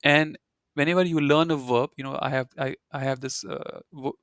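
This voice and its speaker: A man's voice: fairly high pitch, steady tone, moderate pace, a bit bright, clear, resonant tone, no echo. A man teaching a German grammar lecture in a conversational way, with many fillers and restarts, reading out example sentences. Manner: conversational, frequent "you know" fillers and restarts.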